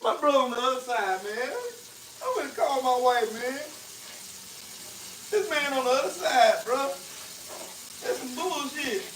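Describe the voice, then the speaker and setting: A man's voice: very high voice, unhurried, pauses often, fairly bright tone, a little hiss or hum. A man hosting a casual cooking livestream, mock-dramatic and wailing, repeating himself and cursing freely.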